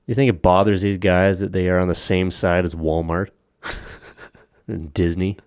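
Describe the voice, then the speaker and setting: A man's voice: low voice, fairly even intonation, unhurried, a little mellow, no echo, clean studio sound. A man co-hosting a casual podcast, ranting with lots of profanity and frequent laughter. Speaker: podcast co-host.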